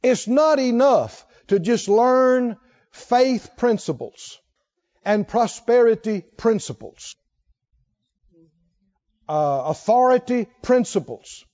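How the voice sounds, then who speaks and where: Preacher guy, really high voice, kinda dull lo-fi recording, goes quiet then gets loud. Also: animated, slow pace, pauses often. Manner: storytelling, swinging from hushed to emphatic. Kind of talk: sermon with personal story. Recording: dull lo-fi sound.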